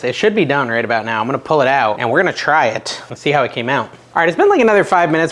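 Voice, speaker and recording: A middle-aged man hosting a casual home cooking vlog, chatty and nervous, with a self-deprecating manner and sudden excited yelps. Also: mid-range voice. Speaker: cooking channel host. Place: home kitchen.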